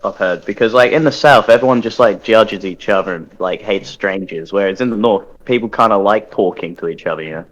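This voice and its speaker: A man with a fairly low voice in a casual podcast chat. He chimes in with short remarks and crude jokes. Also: a little fast, hardly any pauses, fairly bright tone, muffled recording.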